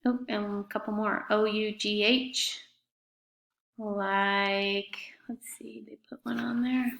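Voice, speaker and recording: A woman's voice: mid-range voice, creaky, fairly bright tone. A woman teaching a fifth grade class in a recorded remote lesson, speaking patiently and spelling out words letter by letter. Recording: echoey room.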